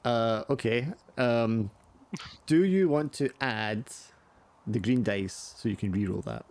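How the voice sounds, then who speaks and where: A man's voice: mid-range voice, slow, darkish tone. A man narrating a tabletop horror game as game master, rambling with many fillers.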